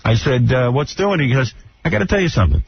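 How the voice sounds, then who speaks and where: A man's voice: mid-range voice, expressive, fast talker, vocal fry, a little hiss or hum. A middle-aged man, a radio show host telling a story in a brash, mocking way. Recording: dull lo-fi radio broadcast.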